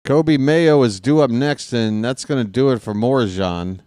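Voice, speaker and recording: A man calling a baseball game on his own stream, chatting casually between pitches and cracking small jokes. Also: moderate pace, warm tone, dry recording, clean studio sound. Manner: casual, self-deprecating, jokey between pitches. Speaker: fan play-by-play broadcaster. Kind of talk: solo baseball play-by-play with chatty asides.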